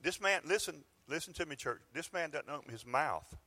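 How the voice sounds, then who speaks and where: Folksy preacher, bright tone. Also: male voice, fairly high pitch, expressive, fairly quick. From Georgia, US. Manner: folksy, conversational preaching with bursts of emphasis. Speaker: pastor. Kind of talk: sermon. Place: church sanctuary.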